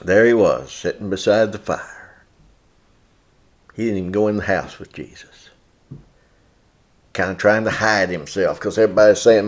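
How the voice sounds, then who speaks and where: A man preaching a sermon in a church, who often rises sharply in pitch and loudness. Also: normal speed, pauses often. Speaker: pastor.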